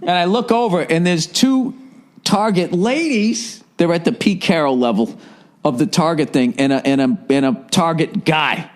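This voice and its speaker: A man spins a profane comic story on a podcast, his voice sitting a little high for a man. He rants and riffs with loose, animated energy and keeps laughing at his own lines. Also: normal speed. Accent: Boston. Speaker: podcast host. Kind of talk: comedic storytelling.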